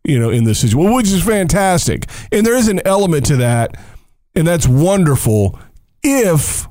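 Animated joking male tennis co-host. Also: a little high, moderate pace, dry recording, clean studio sound. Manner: animated, jokey, talks over his co-host, emphatic rhetorical questions. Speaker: coach. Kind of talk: casual sports chat.

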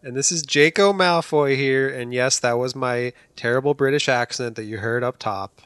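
A man's voice: mid-range voice, normal speed, a bit bright, clean tone, dry recording. Laid-back male podcast co-host. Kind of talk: casual chat.

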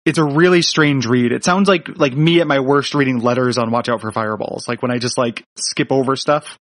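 A man's voice: medium pitch, fairly quick, no room sound, studio quality. A man co-hosting a casual podcast, recapping a cartoon episode in a rambling, joking way with frequent restarts. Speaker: podcast co-host.

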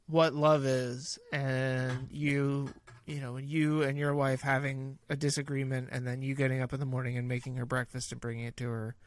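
A man's voice: mid-range voice, no echo. A man in his thirties co-hosting a casual podcast chat, easygoing and reflective, acting out quotes from his daughter. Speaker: podcast co-host.

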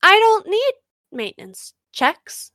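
A smug, all-knowing supercomputer, put on by a woman speaks in a bright, very high voice that swings widely. She is cheery and teasing, and she draws out every word slowly. The sound is dry and close. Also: very animated, dry recording, full character voice. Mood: suspicious.

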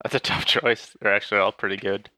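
A man's voice: fairly low pitch, fairly even intonation, quick pace, sharp tone, no room sound. A man playing a tabletop game, chatting and joking with the group. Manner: joking, playful. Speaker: player.

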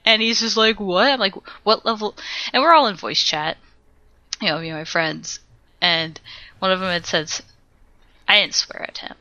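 Bright, chatty podcast woman. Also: fairly low pitch, normal speed, long pauses, dry recording, highs cut off. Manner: rambling storyteller, laughs often, swears when acting out quotes. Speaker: podcast co-host. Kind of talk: casual chat.

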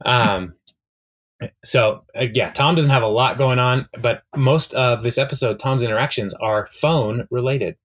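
A man's voice: mid-range voice, unhurried, fairly bright tone. A man co-hosting a podcast, casually recapping a TV episode in a rambling way, with lots of fillers and frequent laughs. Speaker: podcast co-host.

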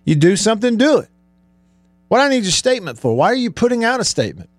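A man's voice: sits high, very animated, quick pace, no room sound. Male sports radio host, middle-aged, fired-up sarcastic rant, dry close sound. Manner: heated, sarcastic ranting with rising emphasis. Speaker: sports talk show host. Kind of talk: live-streamed sports talk monologue.

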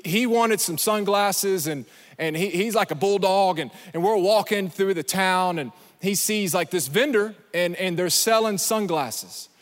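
A male pastor preaching an emphatic sermon in a church sanctuary, repeating phrases and putting questions to his congregation. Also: high-pitched. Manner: emphatic, repeats himself, asks the crowd questions. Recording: long reverb of a large church hall.

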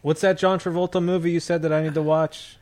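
A man's voice: fairly high pitch, flat delivery, fast talker, darkish tone. A man co-hosting a podcast, who asks questions and fills in the details of shared stories. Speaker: podcast co-host. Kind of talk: casual podcast chat.

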